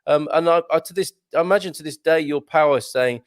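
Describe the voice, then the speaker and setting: A man's voice: fairly high pitch, fast talker, dry recording. A middle-aged man co-hosting a casual live chat, rambling with many restarts and chuckles while reading out viewer comments.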